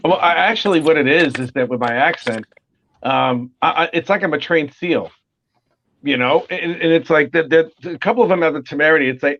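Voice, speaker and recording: A man from Brooklyn with a Brooklyn accent, joking and animated as a talk show guest. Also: fairly high pitch, a little fast. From Brooklyn, USA. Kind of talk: casual chat. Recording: lo-fi call audio with faint noise.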